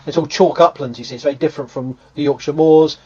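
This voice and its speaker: A man from England with a southern English accent, an archaeologist explaining things in lively, chuckling conversation. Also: on the high side, quick pace, lo-fi sound. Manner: lively, chuckling, acts out quoted voices. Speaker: archaeologist guest.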